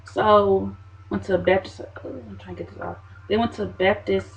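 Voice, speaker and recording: A woman's voice: mid-range voice, steady tone, moderate pace, slight background noise, rough recording. A woman telling a story to camera in a sassy, dramatic diva manner. She keeps tossing in "okay, honey.". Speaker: vlogger.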